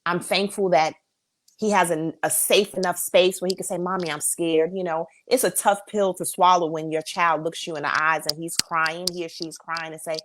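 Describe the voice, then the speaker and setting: Woman, interview guest, earnest, emphatic, faith-filled, low-ish pitch. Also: fairly even intonation, normal speed. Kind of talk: interview answers.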